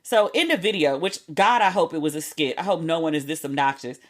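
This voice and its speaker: A young woman talks alone into the mic in a loose, candid podcast chat, dropping slang and the odd curse. Her voice sits a little low for a woman. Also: fairly quick. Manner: candid, profane storytelling with slang. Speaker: podcast host. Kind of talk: casual solo chat.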